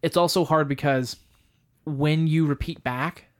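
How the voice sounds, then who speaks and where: A man's voice: on the high side, fairly even intonation, measured pace. A man teaching a communication method on a podcast, explaining step by step with a bit of self-deprecating humor.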